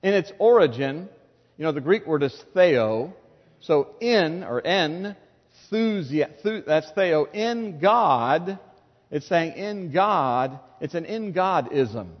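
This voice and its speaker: Male pastor, higher voice, earnest emphatic preaching; church hall reverb. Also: highs cut off. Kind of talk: sermon.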